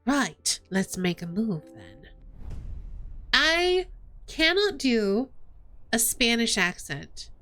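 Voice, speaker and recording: A woman's voice: on the high side, huge pitch swings, extremely slow, pauses often, bright, forceful tone, faint music behind. A woman streaming a game, chatting and laughing at herself as she reads. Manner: chatty, self-mocking, laughing. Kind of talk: reading a visual novel aloud on stream.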